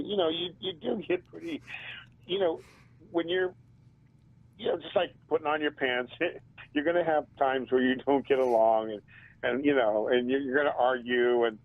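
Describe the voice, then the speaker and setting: A man, a band drummer and interview guest, telling stories in a casual and animated way and laughing often. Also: on the high side, no room sound. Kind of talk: casual storytelling. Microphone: phone. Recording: tinny phone line.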